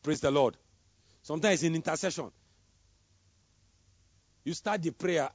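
A man preaching a sermon, swinging between loud emphatic calls and soft murmured prayer. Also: fairly high pitch, a little slow, slightly rough, no room sound. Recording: dull lo-fi sound.

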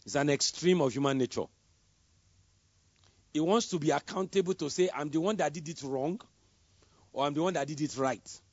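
A man preaching a sermon, swinging between loud emphatic calls and soft murmured prayer. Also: fairly high pitch, normal speed, pauses often, no echo. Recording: dull lo-fi sound.

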